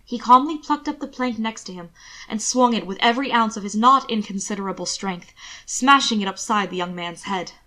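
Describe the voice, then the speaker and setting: A woman narrating fan fiction in a measured, expressive storytelling voice. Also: mid-range voice. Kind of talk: reading fan fiction aloud.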